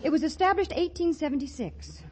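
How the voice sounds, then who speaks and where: A woman's voice: high voice, very animated. A pert, chirpy young shop girl. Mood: flustered. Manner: chirpy, quick-witted. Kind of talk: 1940s radio acting. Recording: dull 1940s radio broadcast with faint hiss.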